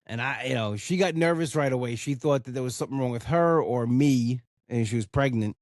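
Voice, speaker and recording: A man hosts his own podcast in a loose, rambling way, circling back on his words with "you know" as he goes. His voice sits at an ordinary middle pitch. The sound is dry and close, with no room around it. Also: a little fast, a little mellow, no echo. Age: 40s. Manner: rambling and heartfelt, lots of "you know" fillers. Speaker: podcast host. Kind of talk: casual solo podcast talk.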